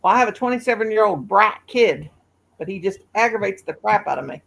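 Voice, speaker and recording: A woman's voice: medium pitch, lively intonation, a little fast, gravelly, a bit bright. A woman, hosting a casual live-stream chat in a folksy, teasing way. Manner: folksy, teasing, calls people honey and shug. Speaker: host.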